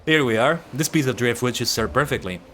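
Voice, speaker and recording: A man voicing a pompous, self-assured gentleman inspector with old-fashioned, theatrical phrasing, reading game dialogue aloud. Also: mid-range voice, lively intonation, fairly quick, slight background noise, lightly acted.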